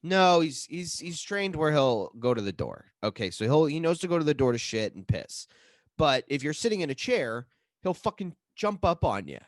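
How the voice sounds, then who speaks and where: Man, comedy podcast co-host, lively swinging pitch, profane storytelling, dry close sound. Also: normal speed, no room sound. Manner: profane, animated, acts out his own yelling.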